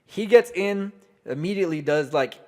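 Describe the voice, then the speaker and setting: A man's voice: a little high, expressive, moderate pace. A man co-hosting a casual wrestling podcast, telling stories in a heartfelt, profane way. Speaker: podcast co-host. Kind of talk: casual chat.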